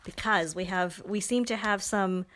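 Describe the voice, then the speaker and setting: A woman's voice: mid-range voice, measured pace, a bit bright. Woman doing a casual live stream from a pen shop, chatty, giggly, keeps poking fun at herself. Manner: chatty, giggly, self-mocking asides. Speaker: live-stream host demoing pens and ink.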